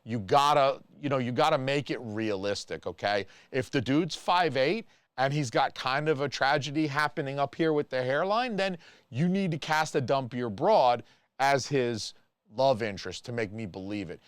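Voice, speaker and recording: A man delivers casual solo film commentary, rambling and full of opinions, restarting his sentences with fillers. His voice is smooth and resonant at a middling pitch. The recording is close and dry. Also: normal speed, no room sound. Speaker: movie reviewer.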